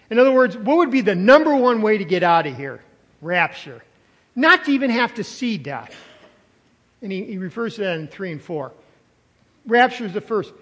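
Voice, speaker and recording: Brief: older male pastor, high voice, emphatic sermon delivery, drawn-out stressed words, loud-soft swings. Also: big-room sound.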